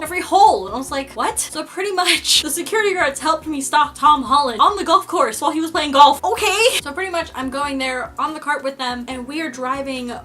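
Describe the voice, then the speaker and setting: Bright, excitable young woman vlogger. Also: high voice. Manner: excitable, giggly fangirl storytelling. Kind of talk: story-time vlog.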